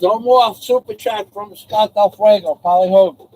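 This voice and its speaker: An older man hosting a live stream, rambling in a theatrical, self-mocking way with loud outbursts. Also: high voice, normal speed, rough recording.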